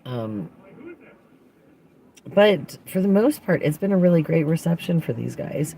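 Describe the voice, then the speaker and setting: A woman's voice: low voice, expressive, measured pace, gravelly, pauses often, mellow. A woman hosting a casual livestream from inside a parked car, chatting in an upbeat, rambling way. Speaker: livestream host. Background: passing traffic.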